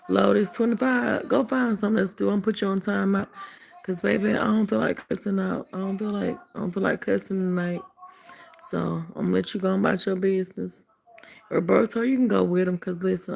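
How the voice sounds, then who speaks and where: An older woman hosts a late-night livestream from home, her voice low, creaky, and a little mellow, with poor audio quality. Sleepy and yawning, she chats with her viewers in a sassy, casual way.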